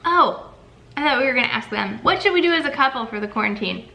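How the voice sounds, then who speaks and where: Bright-voiced chatty young woman. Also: high-pitched, lively intonation, fast, vocal fry, poor audio. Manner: chatty and upbeat. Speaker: co-host. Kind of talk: casual chat.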